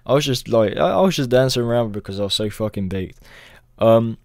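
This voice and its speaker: A young man rambles through a casual storytime, swearing constantly and tacking "bro" onto nearly every line. His pitch sits at an ordinary middle height. The sound is dry and close, with no room around it. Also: animated, a little fast, creaky, no echo. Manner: rambling, profane, peppered with "bro". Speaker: storytime vlogger.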